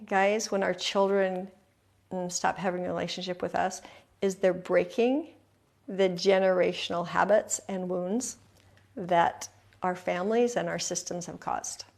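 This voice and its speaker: A middle-aged woman host speaks to her listeners in an earnest, confessional way, sometimes dropping to a soft hush. Her voice sits a little low and carries a gravelly texture. The talk feels heartfelt and personal. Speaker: podcast host.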